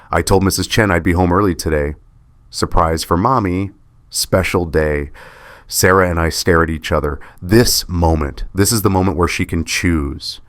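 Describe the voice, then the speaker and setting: A man's voice: sits low, no echo, clean studio sound. A man giving scripted first-person drama narration in a heavy, wounded, bitter manner.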